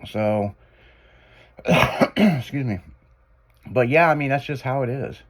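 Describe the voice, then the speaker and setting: A man's voice: mid-range voice, lively intonation, slow pace. Rambling, profane man. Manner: rambling, profane, loose storyteller. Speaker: radio show host. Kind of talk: casual storytelling chat.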